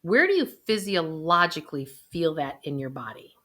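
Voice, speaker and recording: Speaking in a low-pitched voice, this middle-aged woman is a financial planner who runs a video channel. She leads her audience through an emotional exercise, bursts of energy giving way to gentle, unhurried affirmations said again and again.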